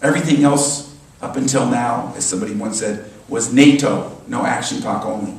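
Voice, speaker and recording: A man delivering a sermon as a minister, animated and emphatic, often repeating his phrases. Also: medium pitch, normal speed, slight background noise. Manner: animated, emphatic preaching with repetitions. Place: church sanctuary. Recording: echoey church hall from far off.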